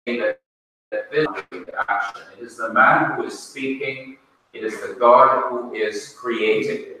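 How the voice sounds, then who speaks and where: Slow, deliberate Jamaican teacher in echoey room. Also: male voice, medium pitch, sharp tone. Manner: slow, deliberate, checks students with questions. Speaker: Bible teacher. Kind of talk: classroom lecture. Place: classroom. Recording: echoey room, mic far off.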